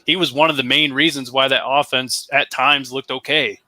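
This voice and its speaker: A man co-hosting a casual sports podcast, thinking out loud and correcting himself as he talks through his draft picks. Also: mid-range voice, fairly even intonation, moderate pace, no room sound. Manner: conversational, thinks aloud, self-correcting. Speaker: podcast co-host.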